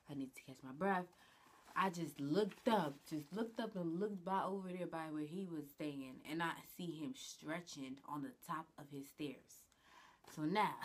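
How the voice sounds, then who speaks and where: Blunt, slangy woman with a low voice. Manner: blunt, slangy, swears a lot, animated retelling. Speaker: vlogger telling a personal story. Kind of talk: casual storytime monologue.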